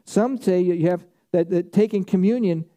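A man preaching a sermon with a very dark, mellow tone. His voice sits somewhat high for a man, and he drives his points home by repeating key phrases. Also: normal speed, muffled recording. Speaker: pastor.

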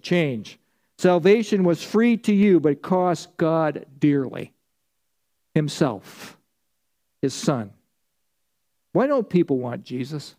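A man's voice: fairly high pitch, warm tone. A man preaching a sermon as pastor, emphatic, stacking repeated phrases and prompting the congregation to answer.

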